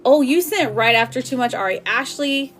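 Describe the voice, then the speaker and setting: A woman's voice: sits high, lively intonation, moderate pace, fairly bright tone, soft background music. A woman reading tarot on a live stream, chatty and affectionate, calling her viewers sweetheart and babe. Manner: chatty, with frequent "like" and laughs. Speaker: tarot reader.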